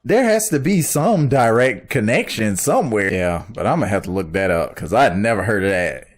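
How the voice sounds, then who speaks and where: A man's voice: lowish voice, expressive, normal speed. Man asking puzzled questions on a podcast. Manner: puzzled questioning, reasons things out. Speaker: podcast co-host. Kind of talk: casual chat.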